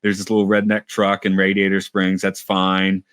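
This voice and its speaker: A man's voice: low voice, monotone, moderate pace, fairly bright tone, smooth, no room sound, clean studio sound. A man in a casual podcast chat who rambles, restarts his thoughts and thinks aloud. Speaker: podcast co-host. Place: lives in Japan.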